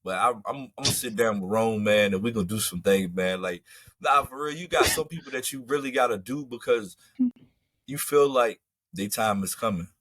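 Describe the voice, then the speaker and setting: A lower-pitched man talks loosely about his comedy career. He drifts along, padding his lines with "man" and "you know." The recording is close and dry. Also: normal speed, fairly bright tone, no echo. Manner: laid-back, rambling, fillers like "man" and "you know". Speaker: comedian guest. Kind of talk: casual interview chat.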